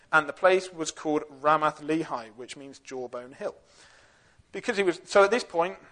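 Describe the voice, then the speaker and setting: A man's voice: on the high side, fairly bright tone. Chatty young man teaching. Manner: chatty, jokey, with lots of fillers. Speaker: youth Bible teacher. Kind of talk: casual Bible talk.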